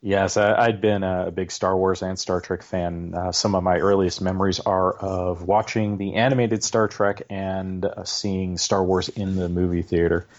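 A man in his forties, an author being interviewed, speaking modestly with halting restarts. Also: deep voice, level tone. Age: 40s. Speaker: author guest. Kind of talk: casual interview chat. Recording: dull lo-fi sound.

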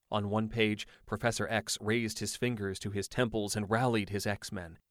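Low-voiced male audiobook narrator. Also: no echo, studio quality. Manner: measured, unhurried storytelling.

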